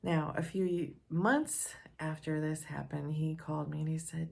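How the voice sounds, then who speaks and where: A woman counselor telling a story in a calm, earnest way. Her voice sits low and has a gravelly edge. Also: unhurried, hardly any pauses. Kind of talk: personal storytelling talk.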